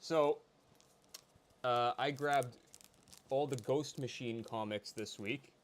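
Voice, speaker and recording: A man's voice: medium pitch, slow pace, slight background noise. A man talking casually as a guest, explaining things to viewers. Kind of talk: casual chat.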